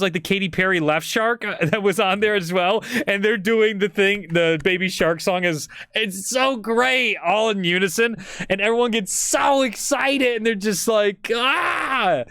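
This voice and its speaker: A male podcast host chatting casually and at length, voice a touch high for a man and smooth. He rambles, speeds up, and gets loud when excited. Recorded close on a mic in a dry room. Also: no echo. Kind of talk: casual chat on a livestreamed podcast.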